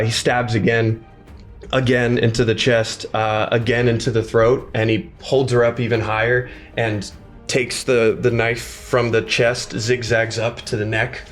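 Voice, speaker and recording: Halting male game master narrating. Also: lowish voice. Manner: halting, full of fillers.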